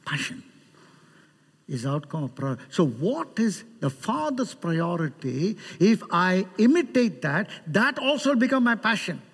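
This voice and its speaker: A man's voice: high-pitched, unhurried, breathy edge, in a large hall. A man with an Indian accent preaching a sermon, telling stories, acting out the people in them and laughing often. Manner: animated, mimics others in quoted dialogue, laughs often. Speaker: guest preacher. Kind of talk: sermon with storytelling.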